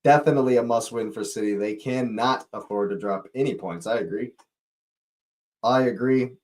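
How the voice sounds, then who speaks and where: Speaking at a moderate pace with medium pitch, this man hosts a live watch-along, giving play-by-play from a fan's view. Excitable and chatty, he greets and talks to his chat, and his voice shoots up when a chance nearly comes off.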